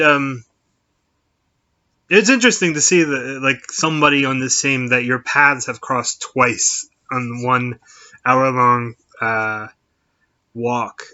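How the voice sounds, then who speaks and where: A man's voice: medium pitch, a little slow, pushed and bright. A middle-aged man chatting casually on his own show, rambling with many fillers and restarts. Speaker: podcast host. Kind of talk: casual solo chat. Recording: dull lo-fi sound.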